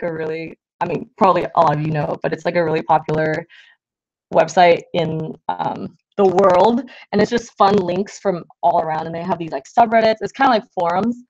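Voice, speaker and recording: A woman's voice: on the low side, darkish tone. Chatty woman painting on a livestream. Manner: scattered and self-deprecating, many fillers and okays. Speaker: artist livestreaming to patrons. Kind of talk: casual livestream chat while painting. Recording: slightly dull lo-fi livestream audio.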